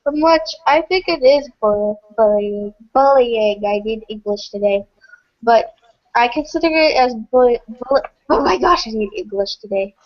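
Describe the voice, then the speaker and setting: A woman with a fairly high voice joins a casual livestream, speaking hesitantly and stumbling over words before pushing on. The sound is muffled and lo-fi, from a home stream. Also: lively intonation, measured pace. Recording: dull lo-fi home stream audio.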